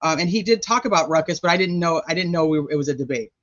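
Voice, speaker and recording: A man hosts a true crime channel, rambling chattily through his notes in a casual livestream and thinking aloud as he checks them. His voice sits on the high side, slightly bright, with lively intonation and a quick pace. The recording is dry and lo-fi.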